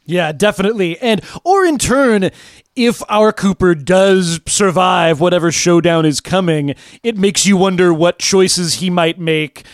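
A man's voice: sits high, a little slow, no echo, studio quality. A man co-hosting a podcast, talking in an enthusiastic, rambling way with repeated words. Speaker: podcast co-host. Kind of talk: casual chat.

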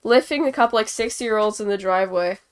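A young woman with a medium-pitched, clean voice talks fast while hosting a casual hockey livestream. She rambles, giggles, pokes fun at herself, and paints as she talks.

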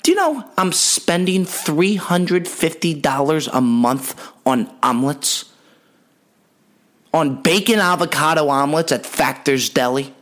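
A man's voice: a little high, lively intonation, measured pace, a bit bright. A young adult man hosting a comedy podcast, telling rambling, profane stories in a brash, joking way. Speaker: podcast host.

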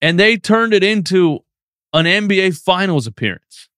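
Animated ranting male sports host. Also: sits high, moderate pace, no echo, studio quality. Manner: animated, ranting, reads chat questions. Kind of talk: live-stream post-game talk.

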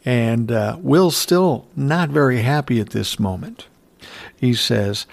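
A man casually retelling an event in unhurried, profane commentary, chuckling now and then. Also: medium pitch, vocal fry.

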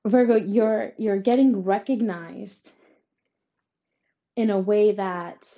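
A woman delivers a horoscope reading at a slow, deliberate pace. Her voice is mellow and dark, and the sound is a little dull and lo-fi. She talks emphatically and reassuringly, tagging her points with "right?". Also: mid-range voice, fairly even intonation. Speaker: astrology reader. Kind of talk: tarot-style horoscope reading to camera.

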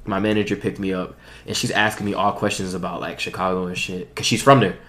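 A young man from Florida rattles through a story in a relaxed chat with friends. He talks quickly in a slightly low voice and acts out each line of dialogue in heavy slang. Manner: animated storytelling, acting out quotes with slang. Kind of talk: casual chat.

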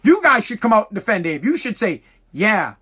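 A man's voice: high voice, sing-song, fast talker, sharp tone, slightly rough. A man rants in a casual monologue, swearing freely and sounding exasperated. He trips over himself, restarting sentences. His voice sits close to the mic. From Massachusetts. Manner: profane, exasperated, stumbling restarts. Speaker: commentator.

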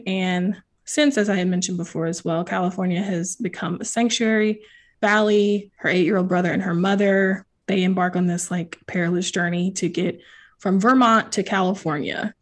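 A young adult woman hosting a book podcast, talking casually with lots of fillers and restarts. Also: medium pitch. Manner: chatty, many fillers and restarts. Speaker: podcast host.

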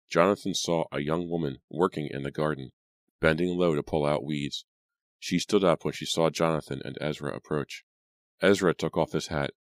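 Very deep-voiced male audiobook narrator. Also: no echo, studio quality. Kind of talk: scripted narration.

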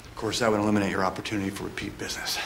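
A weary arms dealer rattles off a product pitch like a catalogue entry. His delivery is mumbled and muddy, quick and flat, with no enthusiasm behind it. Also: gravelly, a little hiss or hum. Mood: deadpan pitch. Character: smooth male arms dealer pitching a pistol. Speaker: film voiceover of a gun salesman. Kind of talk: film voiceover.

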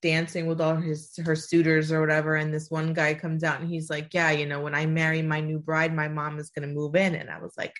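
A young woman in casual chat, animated and laughing often as she talks through tears. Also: deep voice, fairly quick, hardly any pauses.

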